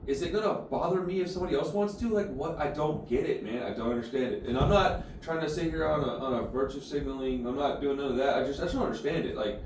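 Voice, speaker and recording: A man's voice: fairly high pitch, fast, hardly any pauses, a little mellow. A man hosting a casual chat, laid-back and slangy. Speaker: podcast host. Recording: echoey room, far from mic, faint noise.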